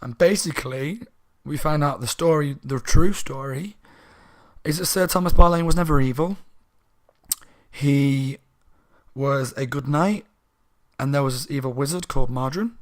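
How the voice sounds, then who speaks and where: A man's voice: mid-range voice, normal speed, pauses often. Tipsy, rambling man recapping a book. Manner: rambling, chatty, self-correcting. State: slightly drunk. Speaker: book reviewer, channel host. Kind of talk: casual spoken book recap.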